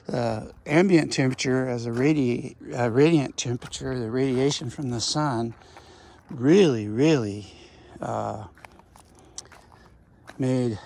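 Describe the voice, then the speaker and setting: Slow-talking folksy rancher man. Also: mid-range voice, slight background noise. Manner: folksy, rambling, drifts off topic. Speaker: rancher and gardener. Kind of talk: casual vlog narration while working.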